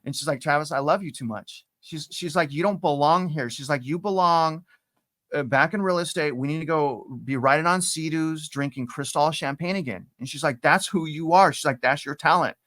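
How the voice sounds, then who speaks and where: A middle-aged man telling his story as a podcast guest, animated and repeating himself, jumping up in pitch when he acts out quotes. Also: moderate pace, no echo, studio quality. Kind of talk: casual interview storytelling.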